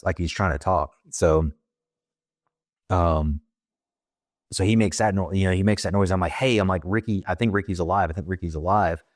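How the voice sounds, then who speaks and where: Ex-Marine guest, deep male voice, halting casual storytelling, dry close sound. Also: no echo. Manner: plain, halting retelling with many fillers and quoted dialogue.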